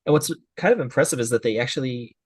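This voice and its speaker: Speaking quickly in a husky, medium-pitched voice, this anime review podcast co-host talks casually, sounding thoughtful and a little hesitant. There's no room sound at all.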